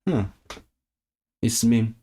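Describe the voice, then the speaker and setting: A man's voice: medium pitch, extremely slow, warm tone, husky. A man from Hong Kong livestreaming for his chat as he learns a language, sounding out and repeating words and correcting himself aloud.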